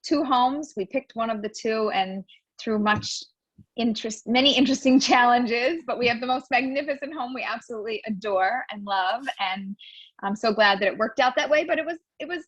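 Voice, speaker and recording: A woman in her forties chatting in an interview, telling animated stories and acting out quotes. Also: fairly high pitch, normal speed, no room sound. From United States. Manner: animated storyteller, acts out quotes. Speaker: guest, new immigrant. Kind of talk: casual interview chat. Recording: dull dry lo-fi sound.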